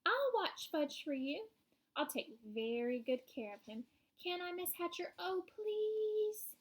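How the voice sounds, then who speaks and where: Woman putting on a bossy little know-it-all girl, high and pushy, storybook reading. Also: sing-song, unhurried, exaggerated voice. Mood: pleading. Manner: shrill, pushy, wheedling. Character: bossy know-it-all schoolgirl of about nine.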